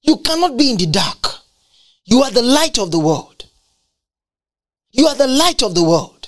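A woman delivering a sermon with fervent emphasis. She repeats key phrases and quotes scripture. Her pitch sits high and swings with animation. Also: big pitch swings, normal speed. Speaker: preacher.

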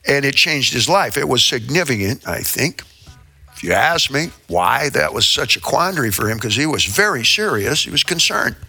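An older man with a strikingly bright, forward voice tells rambling stories in an interview. His delivery is theatrical and playful, full of jokes and laughing asides, with faint music running underneath. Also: medium pitch, big pitch swings, normal speed, vocal fry, husky. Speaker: performing musician.

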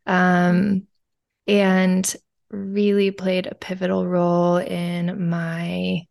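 A woman's voice: lowish voice, completely flat delivery, extremely slow, creaky, darkish tone. A woman hosting a podcast in casual interview chat, rambling with frequent ums and restarts. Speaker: podcast host.

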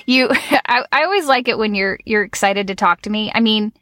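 A woman's voice: mid-range voice, a little fast, pushed and bright, no echo. A chatty woman hosts a podcast, talking loosely with plenty of fillers and frequent laughs. Her voice sits in an ordinary middle range. The sound is dry and close, with no room around it. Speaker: podcast co-host. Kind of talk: casual podcast chat with ad read.

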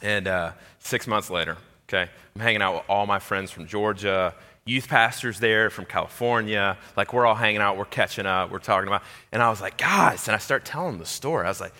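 A young man telling a comic personal story, acting out voices and swinging between loud and quiet. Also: fairly low pitch, brisk, few pauses. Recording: long hall reverb.

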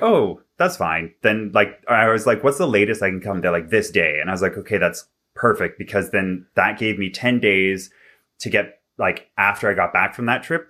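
Young man from Canada, low bright voice, casual filler-heavy storyteller. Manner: chatty, filler-heavy, animated when quoting himself. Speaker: interview guest.

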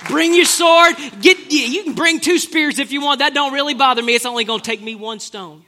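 A man's voice: very high voice, moderate pace, bright, forceful tone, a faint crowd, exaggerated voice. A man acting out a brash, confident teenage shepherd boy who trash-talks a giant in swaggering casual slang. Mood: boastful.

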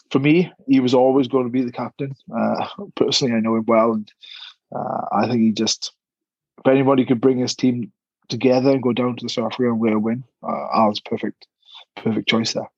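A relaxed male guest talks rugby over a dull, dry line that lends his voice a husky edge. He rambles a little, with lots of uhs and repeated words, at an ordinary pitch. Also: no room sound. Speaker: guest, former rugby player. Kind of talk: casual chat.

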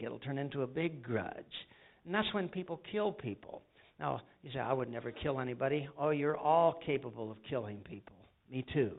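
Folksy preacher man on tinny audio. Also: a little high. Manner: call-and-response, folksy storytelling. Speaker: pastor. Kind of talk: sermon.

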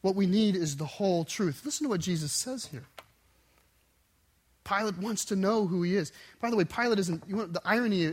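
High-pitched man preaching with intense emphasis. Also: a little fast. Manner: intense, emphatic preaching with sudden surges and quiet drops. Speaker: pastor. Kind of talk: sermon.

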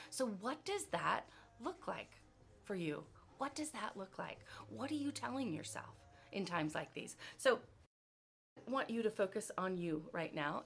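A middle-aged woman giving a motivational talk to her team as a leadership coach, telling stories with lots of "like" and "right?" and laughing often. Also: mid-range voice. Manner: animated storyteller, laughs often, many "like"s and "right?".

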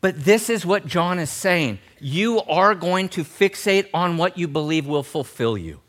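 Animated preaching man, fairly high voice. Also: measured pace. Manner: animated, humorous, shifts between loud emphasis and soft tenderness. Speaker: pastor. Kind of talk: sermon.

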